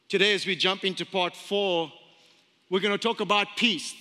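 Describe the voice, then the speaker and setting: Pastor guy preaching in a big echoey church, chatty, slows way down to hit the point. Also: high-pitched, steady tone, pushed and bright. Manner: conversational, storytelling, repeats phrases, slows for emphasis. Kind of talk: sermon. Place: church sanctuary. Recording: long hall reverb.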